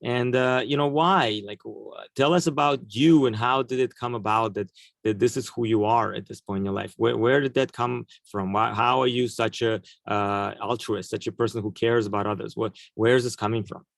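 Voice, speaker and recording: A man's voice: medium pitch, fairly even intonation, moderate pace, creaky, no room sound. A man introducing a guest speaker at an event, hesitant and full of fillers.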